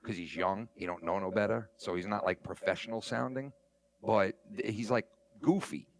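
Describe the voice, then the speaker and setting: A man in casual podcast chat, rambling and excitable, swearing and saying "bro" often. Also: fairly low pitch, moderate pace, no echo. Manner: rambling, profane, excitable, says "bro" a lot.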